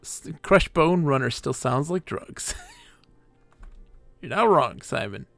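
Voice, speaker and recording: A man's voice: medium pitch, lively intonation, slow, vocal fry, a bit bright, dry recording, faint music behind. A man streaming a game live, chatting with viewers and talking to himself as he plays. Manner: chatty, talks to viewers and himself while playing. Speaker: gaming streamer. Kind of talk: live-streamed gameplay chat.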